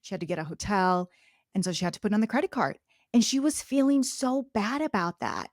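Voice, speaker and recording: Woman podcast host, mid-pitched, conversational, dry close mic. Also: big pitch swings, fairly quick, no echo. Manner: conversational, agreeing, pitch lifts when quoting. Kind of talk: casual interview chat.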